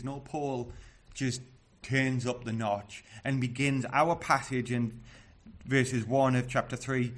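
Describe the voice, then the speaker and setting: A man's voice: medium pitch, slow pace, a bit bright. Earnest man preaching a sermon. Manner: earnest, emphatic, with repeated restarts.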